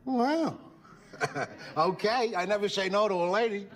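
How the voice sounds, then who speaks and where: An actor playing a gruff, bossy working-class middle-aged husband, barking orders in a 1970s sitcom. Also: male voice, high-pitched, a little slow, heavy background noise. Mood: blustering.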